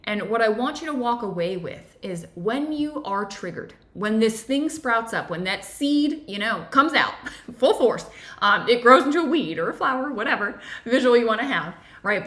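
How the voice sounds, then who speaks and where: A woman's voice: fairly high pitch, expressive, moderate pace, a bit bright, echoey room. A woman giving a conversational self-help lesson, often checking in with "right?". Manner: conversational, keeps asking "right?". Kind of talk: guided teaching talk.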